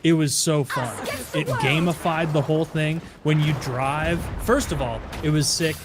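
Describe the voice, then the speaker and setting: A man's voice: on the high side, fairly even intonation, measured pace, music in the background. Rambling man on a podcast. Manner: rambling, lots of filler "like". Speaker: podcast host. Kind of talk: casual chat.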